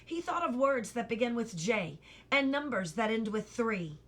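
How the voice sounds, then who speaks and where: A woman reading a children's novel aloud, putting on lively voices for the characters and pausing to correct her slips. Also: on the high side. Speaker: reader.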